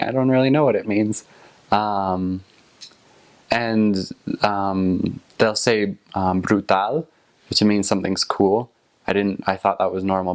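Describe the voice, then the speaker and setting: A young man in his twenties, a returned missionary, giving casual, plain-spoken advice and recollections. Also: low voice.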